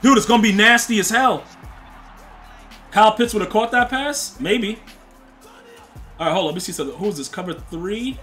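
A man's voice: sits high, moderate pace, pauses often, bright, forceful tone, faint music behind. A man streaming a football video game, chatting casually with his chat in heavy slang and trash-talking the players. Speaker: gaming streamer. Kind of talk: casual live-stream commentary.

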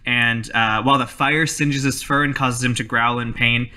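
A man narrating as game master in a tabletop game, relaxed and playful with frequent fillers. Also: mid-range voice, normal speed.

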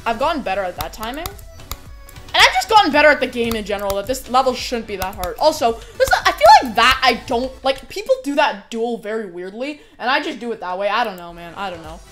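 Lively young woman streamer chatting while playing. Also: on the high side, fairly quick, faint music behind. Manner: chatty, bursts into squealing protests and laughter. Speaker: game streamer. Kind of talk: casual live-stream commentary while playing.

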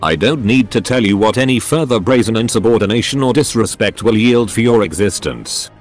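A man's voice: on the low side, animated, brisk, soft background music, lightly acted. A man's synthetic voice reading the lines of a haughty female necron ruler who gives commands with disdain. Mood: commanding.

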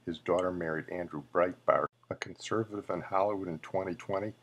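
A man's voice: low-pitched, fairly even intonation, fairly quick, husky, muffled recording. A male podcast host giving opinionated, conversational commentary on a memorial show.

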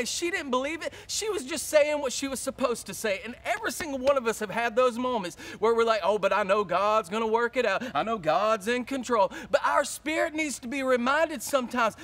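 A male pastor preaching a sermon, telling a story in a lively, casual way and acting out his own panic. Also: very high voice.

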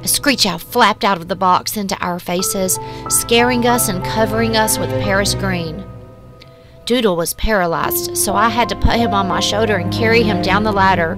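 A woman reading a short story aloud in a measured, hushed, wistful way. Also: medium pitch. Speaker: story narrator. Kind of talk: scripted storybook narration. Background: soft music.

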